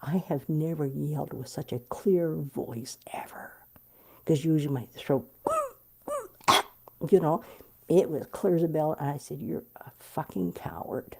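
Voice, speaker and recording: A middle-aged woman telling a personal story in an interview, animated and blunt, swearing freely. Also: sits low, a little slow, long pauses, breathy edge. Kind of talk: candid storytelling.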